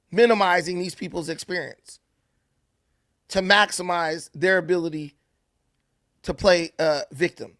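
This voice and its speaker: A man's voice: high-pitched, steady tone, a little slow, pauses often, a bit bright, no room sound, studio quality. A man delivering opinion commentary in an emphatic, sarcastic, ranting way. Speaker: political commentator.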